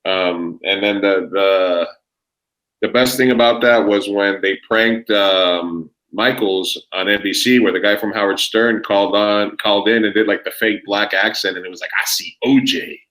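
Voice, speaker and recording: A man's voice: fairly low pitch, steady tone, moderate pace, a bit bright, poor audio. A man, telling a rambling, profane story as a podcast guest. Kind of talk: casual chat.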